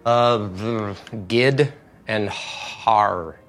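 A man answering rapid-fire interview questions, with playful, quick quips. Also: lowish voice, a bit bright, soft background music. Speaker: interview guest.

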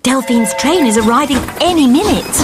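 A calm, sensible pig mum. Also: female voice, high-pitched, normal speed, loud music behind the voice. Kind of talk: cartoon voice acting.

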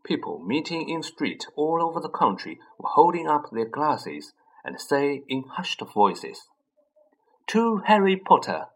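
A man narrating a children's fantasy audiobook in a measured, expressive storytelling manner. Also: fairly high pitch, low-quality recording. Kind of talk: scripted narration.

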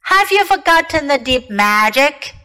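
A woman reading aloud, voicing a cold, menacing witch queen who speaks in a shrill, imperious way. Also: sing-song, measured pace, pushed and bright, full character voice, low-quality recording.

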